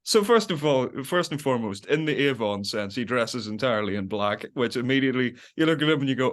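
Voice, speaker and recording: A man's voice: mid-range voice, expressive, normal speed, fairly bright tone. A young man as a podcast guest, rambling in casual chat, laughing often and acting out little quotes. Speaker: podcast guest, web series creator.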